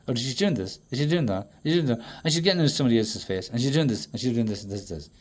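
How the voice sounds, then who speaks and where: A man in a rambling, profane monologue that swings between loud outbursts and low mutters. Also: expressive, rapid-fire.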